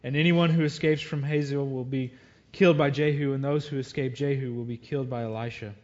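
A man preaching a sermon, earnestly reading scripture aloud and reflecting on it. His voice sits at an ordinary middle pitch. The recording sounds a little dull and lo-fi. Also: fairly even intonation, brisk, a little mellow.

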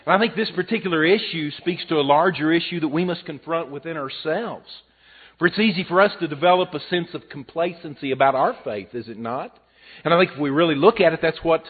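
A man's voice: fairly high pitch, animated, brisk, husky. A middle-aged man preaching a sermon in a folksy, conversational way, mixing scripture and jokes. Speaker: pastor. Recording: phone-like narrow sound.

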